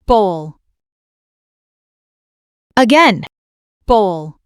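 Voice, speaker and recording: A woman teaching beginner English vocabulary, speaking slowly and clearly and repeating each word for learners to copy. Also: medium pitch, sing-song, dry recording, clean studio sound. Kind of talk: beginner language lesson.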